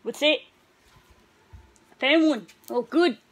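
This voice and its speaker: Woman with a high voice, doing skits. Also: poor audio. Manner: plays several characters in quick short exchanges. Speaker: comedy sketch performer. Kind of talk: comedic skit dialogue.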